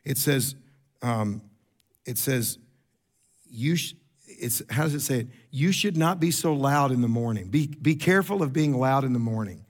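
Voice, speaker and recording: Male pastor, preaching conversationally. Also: animated. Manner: conversational, repeats words, quick asides to the congregation; rises in pitch and volume for emphasis. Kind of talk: sermon.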